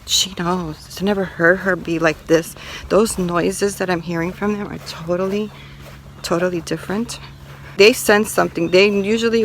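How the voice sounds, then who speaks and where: A woman's voice: on the low side, slight background noise, poor audio. Woman vlogging outdoors on her homestead. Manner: confiding, talks to viewers while walking outdoors. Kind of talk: casual vlog to camera. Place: outdoors on a rural property by a chicken coop.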